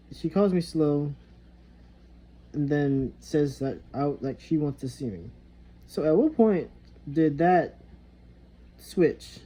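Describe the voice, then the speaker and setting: A young man with a very dark, mellow tone and a husky edge. He rambles and vents with frustration, swearing heavily in a casual monologue. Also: a little high, low-quality recording. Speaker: vlogger.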